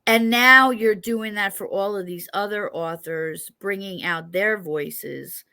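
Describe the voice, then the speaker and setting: A woman's voice: medium pitch, slow, bright, forceful tone. A woman from New York with a New York accent, hosting an interview in a chatty, joking, rambling way. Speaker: interview host. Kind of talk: casual chat interview.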